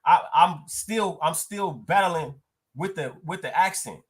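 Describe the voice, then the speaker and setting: A man's voice: a little high, unhurried. A man, arguing bluntly and profanely as a panelist in a heated debate. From United States.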